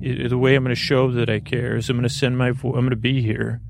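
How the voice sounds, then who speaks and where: A man hosting a sleep podcast, rambling in a slow, meandering way full of fillers and restarts. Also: medium pitch, level tone, gravelly, a little hiss or hum. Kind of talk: rambling bedtime podcast chat.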